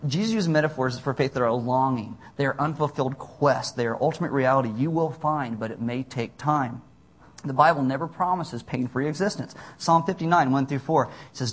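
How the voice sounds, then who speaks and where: A man's voice: mid-range voice, fairly quick, husky. A young adult man, a pastor, giving a conversational sermon, reading scripture aloud and adding casual asides.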